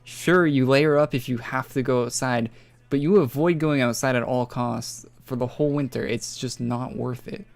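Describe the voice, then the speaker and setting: A man's voice: medium pitch, moderate pace, creaky. A young man from northern Alberta, rambling and swearing casually as he chats on a gaming stream. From northern Alberta, Canada. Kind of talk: casual live-stream chat. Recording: faint music behind.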